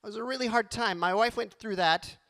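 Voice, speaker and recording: A man doing a stand-up comedy set on a club stage, animated and rattling off long lists quickly. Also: sits high, vocal fry.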